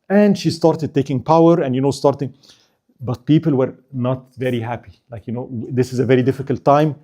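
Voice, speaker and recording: A man giving a storytelling history lecture at a mosque, asking animated rhetorical questions and acting out the people in the story. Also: medium pitch, a little fast.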